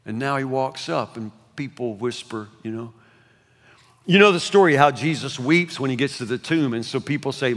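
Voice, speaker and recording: Bright-voiced preacher man in a hall. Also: mid-range voice, expressive, moderate pace, creaky, pauses often. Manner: swings between loud emphasis and hushed asides, repeats words. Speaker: pastor. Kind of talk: sermon. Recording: long reverb of a large hall.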